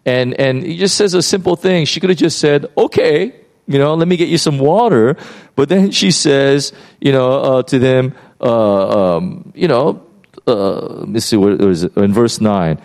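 A man preaching a sermon, retelling a Bible story in a lively, conversational way with many fillers and restarts. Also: mid-range voice, normal speed, vocal fry. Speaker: pastor.

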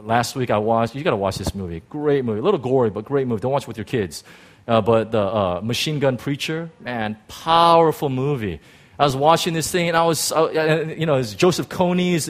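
Animated preacher, swinging loud to soft. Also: male voice, medium pitch. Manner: animated, rambling, self-deprecating humor. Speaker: pastor. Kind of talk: sermon.

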